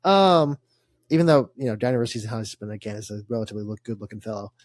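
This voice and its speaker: A man's voice: lowish voice, quick pace, dry recording. A young man, co-hosting a casual sports podcast and telling a rambling story full of laughs and fillers. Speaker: podcast co-host.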